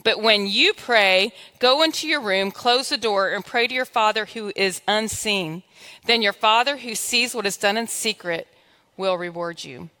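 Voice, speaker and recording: Unhurried and sharp in tone, a medium-pitched female preacher gives a sermon in a church sanctuary. She tells stories with animation, voicing both herself and God in acted-out dialogue, amid long hall reverb.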